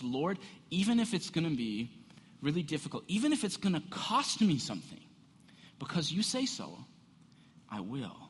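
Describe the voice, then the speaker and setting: A man preaching a sermon as a pastor, animated and conversational, often asking the congregation rhetorical questions. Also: medium pitch, a little hiss or hum. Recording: echoey hall.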